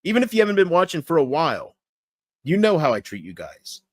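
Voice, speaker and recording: A man streaming late at night. He keeps his voice low and rambles casually while talking straight to his viewers. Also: brisk, dry recording. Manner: relaxed, rambling, talks straight to viewers in chat. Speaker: livestreamer.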